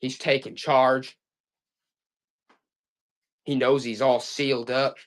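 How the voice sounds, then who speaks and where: A live auction seller hawks vintage items on a stream, chatting with viewers in repetitive, hyped-up sales patter. His medium-pitched voice stays level in tone, and he takes it slowly.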